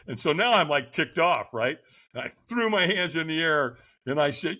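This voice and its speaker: A man with a bright, forceful voice and a fairly high pitch tells his own story as a podcast guest. His pitch jumps all over as he talks, and he keeps pulling the listener in with a quick "right?". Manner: lively, keeps asking "right?". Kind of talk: animated personal storytelling.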